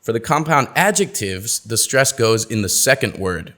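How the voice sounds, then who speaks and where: A man teaching pronunciation in a webinar, reading out example words with deliberate, exaggerated word stress. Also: mid-range voice, animated, sharp tone. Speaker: pronunciation coach. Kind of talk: webinar lesson.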